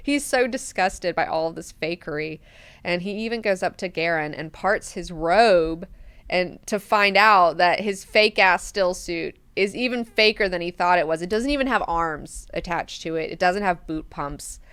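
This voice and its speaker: A woman hosting a book club, recapping chapters in a casual, animated, profane way. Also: fairly low pitch, moderate pace, clear, resonant tone, dry recording.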